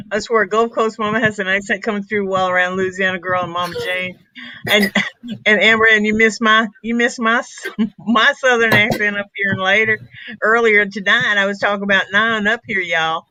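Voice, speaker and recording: A man in a casual live stream chat, reading viewer comments aloud in a lively, reassuring and playful way. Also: sits high, normal speed, low-quality recording.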